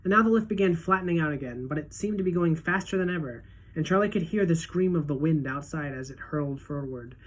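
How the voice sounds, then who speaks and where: A woman teacher reading a children's book aloud to a class, in a steady, clear storytelling manner. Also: low voice, fast.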